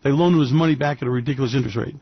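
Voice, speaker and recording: A man's voice: mid-range voice, racing, slightly rough, no echo, lo-fi sound. An older man hosting a radio show, telling long blunt stories about money with many hesitations and fillers. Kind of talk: rambling radio monologue.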